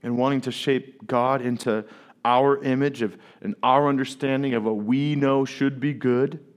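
A man's voice: medium pitch, fairly even intonation, moderate pace. A man, a pastor, preaching a sermon and putting rhetorical questions to his congregation.

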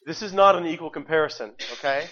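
A man's voice: on the high side, fast, bright, forceful tone. A married man preaching a sermon with passion, repeating phrases and asking the congregation rhetorical questions. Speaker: pastor. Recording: dull lo-fi recording.

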